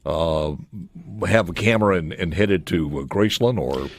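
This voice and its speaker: Radio host guy, really deep voice, dry close mic, easygoing questions. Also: animated, moderate pace, no echo. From United States. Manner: conversational, prompting with short questions. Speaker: radio talk show host. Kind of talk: radio interview.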